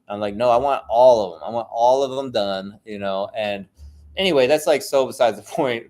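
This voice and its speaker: A man's voice: mid-range voice, darkish tone. A middle-aged man, a tattoo artist, telling stories in a rambling, profane solo monologue full of fillers.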